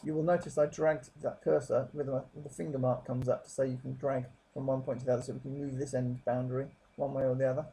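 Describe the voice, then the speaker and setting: A man talking through a software tutorial at his desk, rambling and correcting himself with many fillers. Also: mid-range voice, gravelly, rough recording. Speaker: tutorial presenter. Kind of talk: screen-capture software tutorial.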